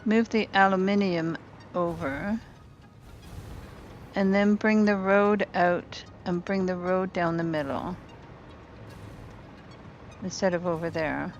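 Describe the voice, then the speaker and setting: A woman's voice: on the low side, fairly even intonation, takes it slowly, long pauses, highs cut off, faint music behind. A woman streaming a game from her apartment, chatting casually with viewers and thinking aloud as she builds. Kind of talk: casual gameplay chat with viewers. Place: home apartment.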